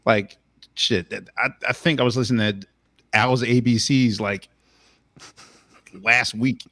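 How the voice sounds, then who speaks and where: A man hosting an interview, asking casual, halting questions full of restarts. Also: mid-range voice, steady tone, a bit bright, no room sound, clean studio sound. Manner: halting, many restarts, enthusiastic. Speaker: host.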